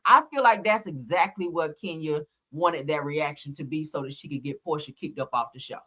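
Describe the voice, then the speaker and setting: A woman's voice: low-pitched, moderate pace, a bit bright, breathy edge. A woman hosting a live reality TV commentary stream, chatty, slangy and opinionated. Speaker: channel host. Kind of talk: casual reality TV commentary livestream.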